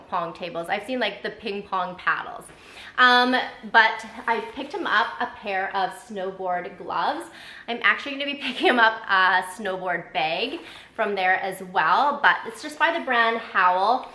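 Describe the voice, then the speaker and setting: A young woman from Canada talks through her shopping haul in a quick, chatty way, filling her sentences with ums and likes. Her voice is bright and sits in an echoey room. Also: medium pitch. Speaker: vlogger. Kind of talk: casual haul vlog.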